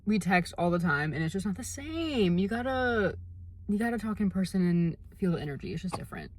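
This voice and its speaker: A woman's voice: mid-range voice, big pitch swings, fairly quick. A young woman chatting casually to her phone camera in a vlog, bubbly and gushing, full of slang. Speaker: vlogger.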